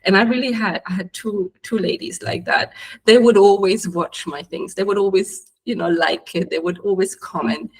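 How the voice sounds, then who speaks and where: Candid woman guest with a husky voice. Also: medium pitch, steady tone, normal speed, low-quality recording. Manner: candid, reflective, self-deprecating. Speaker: guest, business owner. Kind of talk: casual conversation.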